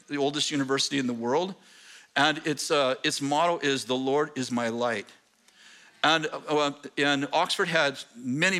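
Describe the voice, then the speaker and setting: Man preaching, high voice, very bright and forceful tone, animated storytelling, halting restarts. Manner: animated, self-deprecating, halting with many restarts. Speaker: pastor. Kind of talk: sermon storytelling.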